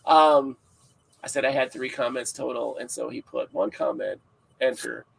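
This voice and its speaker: A man's voice: medium pitch, fairly even intonation, normal speed, gravelly, a little hiss or hum, poor audio. A man hosting a casual livestream podcast, rambling and joking with frequent laughs, sounding tired. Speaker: podcast host.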